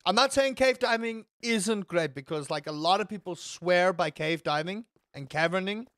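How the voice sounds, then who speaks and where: A male gaming streamer talking to his chat in a loose, joking way, with the odd swear word thrown in. His voice sits on the higher side for a man. The sound is close and dry, with no room on it. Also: moderate pace, a bit bright, no echo. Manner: chatty, joking, swears freely. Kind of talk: casual game commentary.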